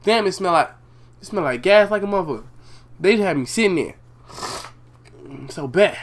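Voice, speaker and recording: A young man casually telling a school storytime over gameplay, animated and profane, full of street slang, acting out the other people's lines. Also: high voice, moderate pace.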